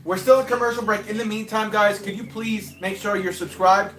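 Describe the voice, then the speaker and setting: High-voiced man calling a ballgame from home. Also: fairly even intonation, fairly quick, fairly bright tone. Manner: chatty, profane, drifts off topic. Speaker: livestream watch-along host. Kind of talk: casual play-by-play commentary. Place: room at home. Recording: roomy echo.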